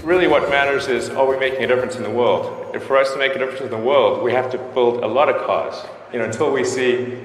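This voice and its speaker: A man's voice: mid-range voice, quick pace, soft background music. A man speaking earnestly in a speech to an audience. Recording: echoey hall from far off.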